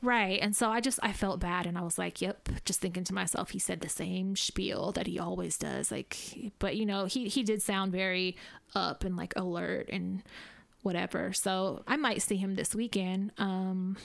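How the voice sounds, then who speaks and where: A woman's voice: mid-range voice, normal speed, gravelly, dry recording. A woman co-hosting a podcast, telling rambling stories in casual chat, full of fillers and laughing often. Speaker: podcast co-host.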